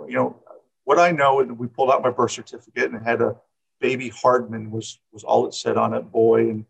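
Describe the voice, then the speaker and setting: A man's voice: medium pitch, little pitch movement, moderate pace, gravelly, lo-fi sound. A middle-aged man who coaches, telling a personal story in an interview, rambling and repeating words with many fillers.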